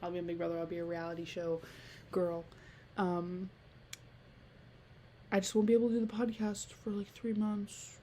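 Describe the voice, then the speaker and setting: A woman's voice: lowish voice, level tone, normal speed, pauses often, warm tone, slight background noise. A teenage girl hosting her own podcast, chatting casually and rambling with lots of "like" and frequent laughter. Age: late teens. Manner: rambling, heavy use of "like", giggly. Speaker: podcast host. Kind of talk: casual solo podcast chat.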